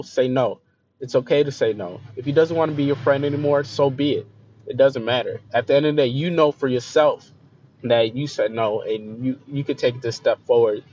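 A young man telling a personal story in a confessional way, repeating himself and often trailing off softly, on a dull lo-fi recording. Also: medium pitch. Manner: emotional, repeats phrases, voice trails off quieter. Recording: slightly dull lo-fi recording with faint noise.

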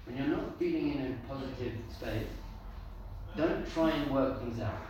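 A man teaching a lively Torah class as a rabbi, telling stories and acting out the voices in them. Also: medium pitch, normal speed. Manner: animated storyteller, acts out voices, laughs with listeners. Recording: echoey room, far from mic, noisy.

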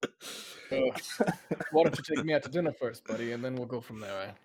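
A man's voice: mid-range voice, a little fast, a little mellow, a little hiss or hum. A man playing a tabletop game, cracking jokes. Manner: wisecracking. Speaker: player.

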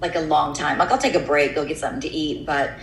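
A middle-aged American woman with a lowish voice talks shop in a relaxed, candid way. She sounds like a seasoned radio host chatting. The room is roomy and echoey, with faint noise underneath. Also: quick pace. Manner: candid, relaxed, frequent "you know". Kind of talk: casual chat.

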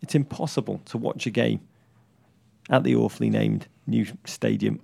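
Gravelly dry-humored man. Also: lowish voice, fairly even intonation, normal speed, warm tone, no room sound. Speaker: podcast co-host. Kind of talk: casual sports chat.

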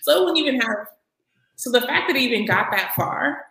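A woman's voice: fairly high pitch, brisk, creaky, a crowd in the background. A woman, a podcast guest, chatting casually and telling stories expressively. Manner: expressive, animated storytelling. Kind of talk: casual chat. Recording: echoey room.

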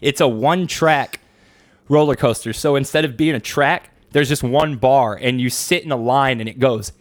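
A man's voice: mid-range voice, normal speed. A young man chatting casually on a podcast, telling a story with lots of swearing and laughter. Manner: animated storyteller, swears freely, laughs often. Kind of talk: casual profane chat.

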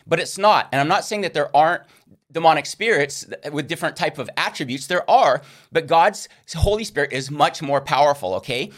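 A man's voice: on the high side, expressive, brisk. A man teaching a recorded Christian course lesson, earnest and checking in with listeners with a frequent "okay?".

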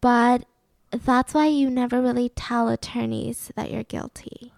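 A woman's voice: a little high, fairly even intonation, measured pace, vocal fry, darkish tone, dry recording. A young woman co-hosting a podcast, telling a true-crime story in a chatty way, full of "like". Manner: chatty, filler-heavy with "like". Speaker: podcast co-host.

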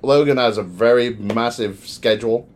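A man's voice: mid-range voice, normal speed. A man with a British accent hosting a podcast, joking and laughing often in casual banter. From Britain. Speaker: podcast host.

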